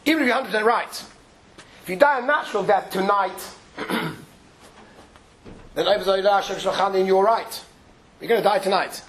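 A man's voice: high voice, normal speed, pauses often, a bit bright, poor audio. A man giving an informal Torah lecture, talking in a conversational way, mixing Yiddish and Hebrew terms into his English and acting out the voices in the stories he retells. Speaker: rabbi giving a Torah talk.

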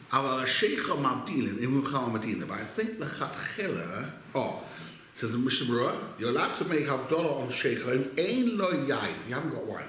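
A man's voice: medium pitch, fairly bright tone. Casual torah class guy telling a story in a big echoey room, lots of restarts, light hiss behind. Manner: conversational, halting, full of restarts and Hebrew terms.

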